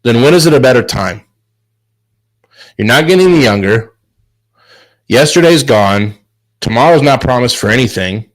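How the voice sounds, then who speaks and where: On a video call, the host of a chef business show delivers an emphatic, preachy motivational talk, repeating words. His mid-range voice is animated at a moderate pace, with frequent pauses. The audio quality is poor.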